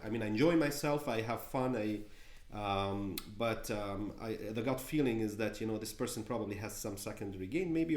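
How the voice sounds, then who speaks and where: Male client, halting and filler-heavy, echoey room. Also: fairly low pitch. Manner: hesitant, many fillers, animated bursts. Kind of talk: casual answers in a Q&A.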